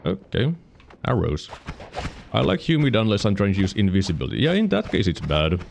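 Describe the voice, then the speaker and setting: Deep-voiced Finnish man streaming a game. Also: sing-song, a little fast, gravelly, slight background noise. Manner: rambling, self-correcting, explains mechanics as he plays. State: hiccuping. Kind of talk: casual gameplay commentary.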